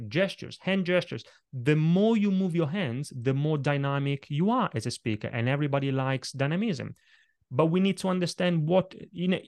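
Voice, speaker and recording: Middle-aged male presentation coach, guest in an interview, demonstrates vocal techniques as he explains. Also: medium pitch.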